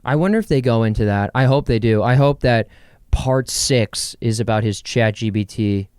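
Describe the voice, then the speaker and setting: A young man hosting a casual solo podcast from his bedroom, rambling and joking with quick asides to himself. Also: mid-range voice, darkish tone, smooth, no room sound, studio quality. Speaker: podcast host.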